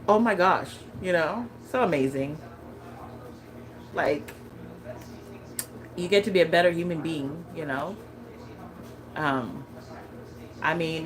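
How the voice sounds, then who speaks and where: A fairly low-pitched woman, a California lifestyle vlogger in her thirties, talks casually with plenty of laughs, fillers, and restarts. The low-quality recording carries a little hiss or hum.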